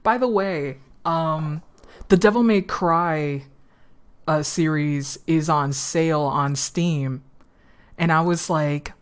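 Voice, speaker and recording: Low-voiced woman streamer. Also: slow. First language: Spanish. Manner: chatty, swears freely, drifts between topics. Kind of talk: casual stream chat.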